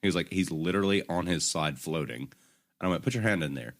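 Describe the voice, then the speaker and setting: A man's voice: low voice, expressive, fast, vocal fry. A young man co-hosting a podcast, telling rambling anecdotes in casual chat and often laughing. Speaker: podcast co-host.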